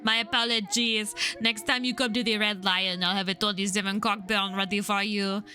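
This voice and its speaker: A woman's voice: mid-range voice, steady tone, normal speed, pushed and bright, lightly acted. A woman voicing a surly male East End pub barman in a put-on London accent, sneering and scornful.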